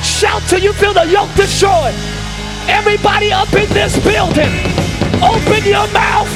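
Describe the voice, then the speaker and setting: A hoarse man preaching a shouted sermon as pastor, hollering in rhythmic repeated phrases and calling out to the congregation, recorded live in a large church. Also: very high-pitched, steady tone, unhurried. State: hoarse from screaming. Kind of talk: shouted Pentecostal-style sermon. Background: church band music.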